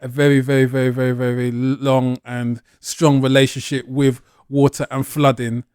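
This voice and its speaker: A man's voice: mid-range voice, level tone, normal speed, a little mellow, clean tone, no room sound, clean studio sound. A man co-hosting a podcast, chatting in wry, laid-back banter. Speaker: podcast co-host. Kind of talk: casual chat.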